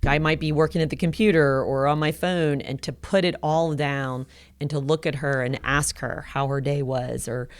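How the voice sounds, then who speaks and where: A middle-aged woman with a low voice co-hosts a parenting podcast in casual conversation. She explains patiently and encouragingly, often acting out what a parent might say. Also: fairly even intonation, normal speed. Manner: warm, encouraging, teaching tone with quoted examples. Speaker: podcast co-host.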